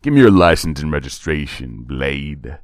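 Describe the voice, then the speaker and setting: A big, smirking cop, as a narrator plays him with a thick Georgia drawl, slow and menacing. The voice sits very deep and sounds dry and close. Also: male voice, sing-song, dry recording. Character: tall beefy smirking male cop.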